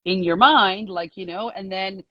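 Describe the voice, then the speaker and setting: A woman's voice: mid-range voice, a little slow, dry recording, muffled recording. A woman guest on a casual live call, telling her story in a chatty, rambling way, full of "like"s and laughter. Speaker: guest sharing a success story.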